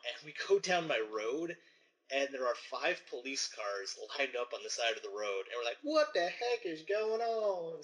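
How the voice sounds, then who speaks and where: A man's voice: medium pitch, bright, forceful tone, poor audio. A man co-hosting a casual podcast, telling stories and laughing often as he talks. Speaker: podcast co-host. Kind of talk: casual chat.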